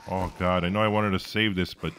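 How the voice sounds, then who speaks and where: A man's voice: deep voice, level tone, a little fast, noisy background. A man commentating his own gameplay, reacting, joking and swearing as he fights. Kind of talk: let's-play commentary.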